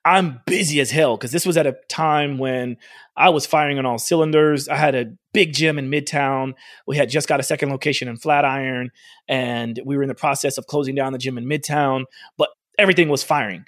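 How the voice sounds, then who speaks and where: A man's voice: mid-range voice, fairly quick, dry recording. A man who runs a fitness studio tells a personal story casually, with lots of "like" and acted-out dialogue. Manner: animated, acts out quoted dialogue, frequent "like". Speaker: fitness studio owner and trainer.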